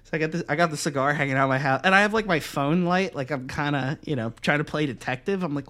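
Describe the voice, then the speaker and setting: A man's voice: fairly high pitch, quick pace, few pauses. Young man telling profane stories. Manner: profane, animated, acts out quotes in other voices. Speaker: podcast host. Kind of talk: casual storytelling chat.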